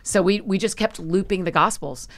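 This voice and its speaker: A woman guest on a podcast, chatting casually and telling stories with animated energy and quick asides. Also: mid-range voice. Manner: frequent laughs and quick asides. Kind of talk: casual conversation.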